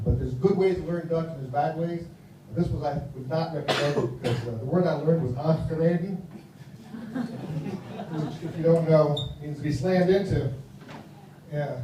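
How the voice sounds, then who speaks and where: An American man in his fifties doing a rambling stand-up comedy set, with a mumbling delivery. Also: fairly high pitch. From United States. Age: 50s. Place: live comedy venue. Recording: very echoey room, voice from far off, faint noise.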